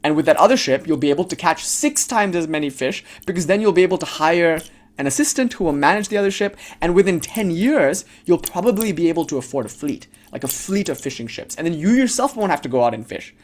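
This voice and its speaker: A man's voice: a little high, animated, quick pace, close to an everyday voice. A man voicing a pushy middle-aged New York businessman who eagerly lectures and hands out advice.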